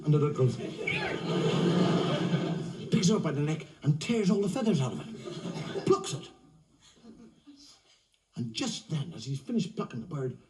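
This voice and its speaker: A comedian spinning stand-up stories in a wry, conversational voice. His pitch rises and falls a lot, and he leans into each punchline. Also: mellow, recorded from a distance. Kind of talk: stand-up storytelling.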